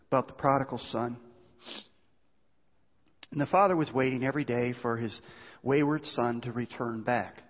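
A man preaching a sermon as pastor, earnest and pleading, often dropping to a hushed low voice. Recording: dull sound in a reverberant hall.

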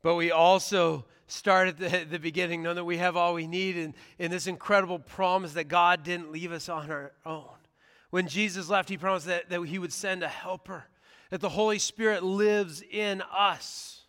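A male pastor with a high, bright voice delivers a conversational but earnest sermon. His tone stays clean and smooth, and a long hall reverb rings around it in the church sanctuary. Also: fairly even intonation, moderate pace.

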